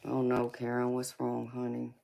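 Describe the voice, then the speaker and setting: A woman's voice: rumbling low, monotone, normal speed, gravelly, background noise. A woman, tired from little sleep, hosting a tarot livestream and talking affectionately with viewers, calling them honey and girlfriend. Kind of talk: casual livestream chat.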